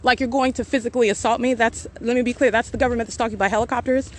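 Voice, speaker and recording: A woman's voice: a little high, fairly even intonation, racing, a little hiss or hum. A woman recording a walking monologue on her phone outdoors, insistent and accusatory, repeating phrases with many uh and um fillers. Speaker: podcast host documenting her surroundings. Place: outdoors around a city hall and library.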